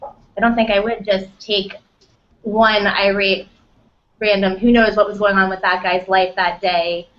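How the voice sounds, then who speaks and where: A woman's voice: medium pitch, little pitch movement, a little slow. A woman co-hosting a podcast in easygoing casual chat, laughing often, on muffled lo-fi audio. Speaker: podcast co-host.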